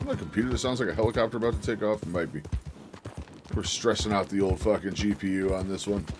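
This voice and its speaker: A man's voice: fairly low pitch, fast talker, music in the background. A man casually chatting while he live-streams a video game, loose and profane, breaking into yelps and laughter.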